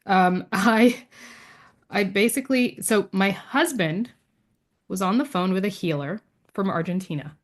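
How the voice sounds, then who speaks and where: A woman's voice: medium pitch, measured pace. Woman guest on a podcast telling her story, acts out what everyone said, lots of um and restarts. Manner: lively storyteller who acts out quoted dialogue; frequent fillers and restarts, laughs between lines. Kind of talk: casual interview storytelling.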